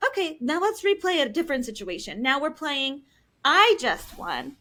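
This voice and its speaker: A woman's voice: high voice, big pitch swings, moderate pace, pushed and bright. A woman counselor in a casual podcast conversation, explaining parenting strategies with acted-out examples and frequent fillers. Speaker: licensed professional counselor, podcast guest.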